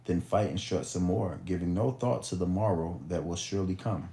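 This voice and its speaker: Wise old storyteller, solemn, deep dark voice, echoey room, read out by a man. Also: normal speed. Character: wise old male storyteller addressing a crowd.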